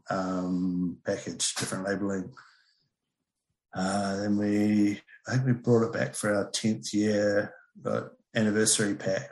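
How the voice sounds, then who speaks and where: A man's voice: lowish voice, echoey room. A man, a brewer guest chatting casually and hesitantly, with many fillers. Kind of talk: casual chat on a video call.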